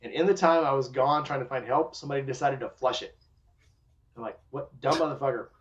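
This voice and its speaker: A man hosting a podcast, telling a story in casual chat, profane and animated, acting out what people said. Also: medium pitch, brisk, slight background noise. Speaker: podcast host. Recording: dull lo-fi sound.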